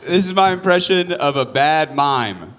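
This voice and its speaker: A male comedian on a live comedy stage, setting up quick impressions with deadpan delivery and frequent laughter. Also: fairly high pitch, noisy background. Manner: deadpan setups, laughing between bits. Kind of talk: rapid-fire impression game at a live comedy show.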